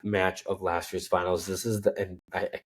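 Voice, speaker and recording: A man with a very low voice, from Minnesota, hosts a casual sports show. He rambles, stops to correct himself and fills gaps with ums and uhs. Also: flat delivery, a little fast. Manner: rambling, self-correcting, lots of fillers. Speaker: sports podcast host.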